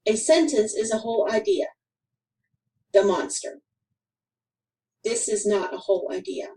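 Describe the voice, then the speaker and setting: A woman reading a grammar lesson for children aloud, in a careful, deliberate way with clear pauses. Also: fairly high pitch, lively intonation, dark tone, distant mic, poor audio. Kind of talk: slow scripted instructional narration.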